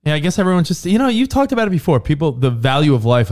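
A man on a podcast in casual chat, arguing and cracking quick profane jokes. His voice sits fairly high and moves around a lot. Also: very animated, a little mellow. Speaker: podcast co-host.

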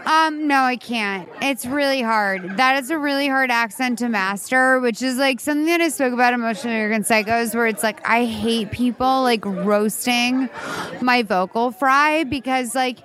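A woman in her thirties hosting a podcast, talking casually with heavy vocal fry and rambling, irreverent asides. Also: on the high side, moderate pace, fairly bright tone. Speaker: podcast host. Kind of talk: casual chat.

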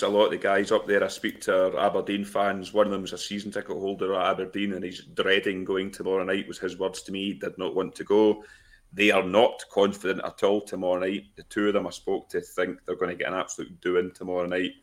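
Man, podcast co-host, casual chat, matter-of-fact, steady low voice. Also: fairly quick.

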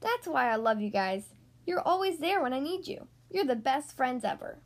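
A woman's voice: sits high, sing-song, normal speed. A woman voicing a kind young girl who plays toy doctor, sweet and earnest, in a storybook reading. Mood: gentle.

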